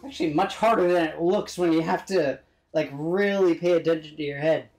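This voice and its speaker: A gaming streamer talks through a live game in a chatty, rambling, self-deprecating way, now and then slipping into playful put-on accents. His voice is fairly high, brisk and a little mellow, and the poor audio sounds roomy.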